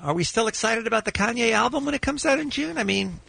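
A man's voice: very high voice, lively intonation, quick pace, creaky, pushed and bright, husky, dry recording. A man co-hosting a radio show in casual chat, explaining news with chatty hesitant restarts.

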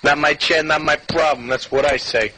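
Guy doing a foulmouthed new york dude, thick accent, rambly rant, bright edgy voice, animated comedy bit. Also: on the high side, moderate pace, faint music behind, low-quality recording. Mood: scornful. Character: crude ranting New York guy, petty and scornful.

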